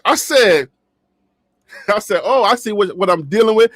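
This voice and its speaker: A man with a strikingly high speaking voice talks straight to his viewers in a casual, animated rant. He jokes, laughs often and circles back on his words. The sound is dry and close, with no room echo. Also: moderate pace. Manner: animated, joking, laughs often, repeats himself. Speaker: sports channel vlogger. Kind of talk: casual talk to camera. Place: his own studio.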